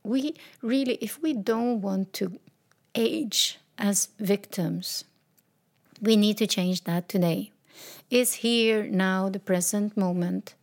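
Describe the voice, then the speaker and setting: A woman in her fifties giving a slow, reflective personal talk, speaking openly and emotionally. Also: mid-range voice.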